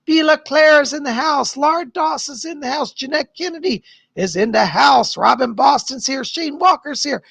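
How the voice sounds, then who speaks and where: A man's voice: extremely high pitch, normal speed, creaky, pushed and bright, no room sound. A man hosting a live stream as a psychic, chatting casually with viewers in a bubbly, gushing way and laughing often.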